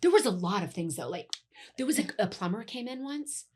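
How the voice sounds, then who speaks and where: A woman's voice: mid-range voice, a little fast, slightly rough. A young adult woman, a podcast guest, animatedly telling a spooky story in casual chat. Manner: animated, acts out the voices in her stories.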